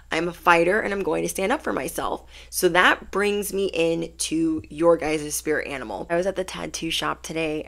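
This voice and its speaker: Lady tarot reader chatting away, kinda low voice, slangy and hyped up, talks straight to viewers. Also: a bit bright. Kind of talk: casual pick-a-card chat.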